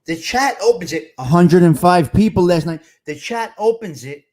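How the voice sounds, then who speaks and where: A middle-aged man hosts a live stream in a blunt, streetwise way. His voice sits a little high for a man. He talks straight to his chat as if they were at the table with him. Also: lively intonation, moderate pace, hardly any pauses, darkish tone. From North Jersey. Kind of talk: casual live chat reading comments.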